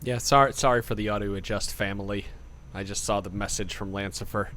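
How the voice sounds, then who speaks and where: A man's voice: lowish voice, steady tone, a little fast, fairly bright tone, slight background noise. A man in his thirties hosting a casual gaming podcast, joking around and swearing casually. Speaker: podcast host.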